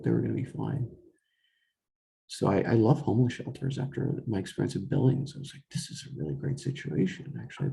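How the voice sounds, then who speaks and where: A young man recounts a personal story in a loose, rambling way, stopping often to restart his sentences. His voice is heavily gravelly, with a dark, mellow tone, and he acts out quoted dialogue as he goes. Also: lowish voice. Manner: rambling, full of fillers and self-corrections; quotes himself and others in dialogue.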